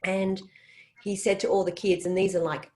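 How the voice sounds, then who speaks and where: A woman with an Australian accent, chatting casually as a convention panel guest and rambling from story to story with animated asides. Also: mid-range voice, normal speed. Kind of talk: casual chat.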